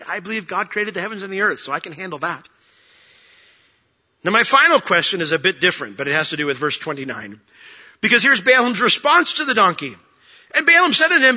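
A male pastor delivers a sermon in a chatty, joking manner, acting out the story's quotes. His voice is high and very bright. The recording is dull and carries a long church-hall reverb. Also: very animated, a little fast. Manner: conversational, joking, acts out quotes.

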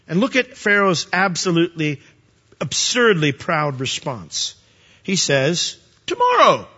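A man preaching a sermon, animated, asking rhetorical questions and acting out dialogue. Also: a little high, measured pace, lo-fi sound. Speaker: pastor.

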